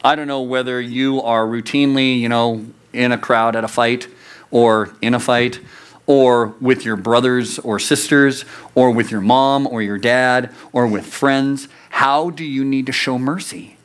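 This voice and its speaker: A man in his thirties preaching a youth sermon, animated and joking, who jumps into high comic voices. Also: a little slow, clear, resonant tone. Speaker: youth pastor.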